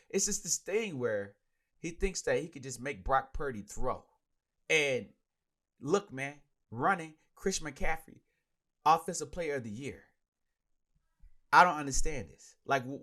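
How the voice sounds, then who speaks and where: Animated man ranting on his podcast. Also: medium pitch. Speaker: podcast host. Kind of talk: casual solo sports talk.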